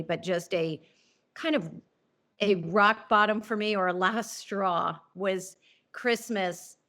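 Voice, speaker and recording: A middle-aged woman, an interview guest telling a personal story, earnest and emotional, halting and restarting often. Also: on the low side, fairly bright tone. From New Orleans.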